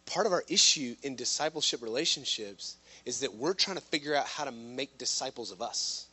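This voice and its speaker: A man preaching a sermon to a live room, impassioned, swinging from loud urgent lines to hushed ones. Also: mid-range voice, lively intonation, fairly quick, breathy edge. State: out of breath at times. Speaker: pastor.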